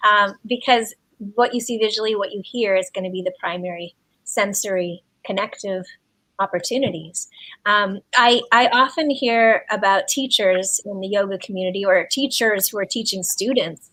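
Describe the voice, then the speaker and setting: A woman's voice: mid-range voice, normal speed, sharp tone, no echo, poor audio. A woman hosting a live video interview as a yoga therapist, thoughtful and questioning.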